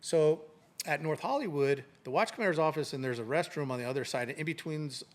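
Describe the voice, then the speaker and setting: A man's voice: on the high side, a little fast. A middle-aged man, a retired police sergeant, casually telling a story in an interview and acting out the voices of the people in it. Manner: animated anecdote telling, acting out quoted voices.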